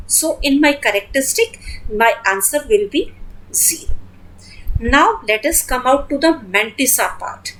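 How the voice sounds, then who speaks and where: A woman's voice: sits high, low-quality recording. A woman, teaching students patiently and repeating each step of the lesson. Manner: patient, repeats key steps, addresses students directly. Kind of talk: classroom lesson explaining a table step by step.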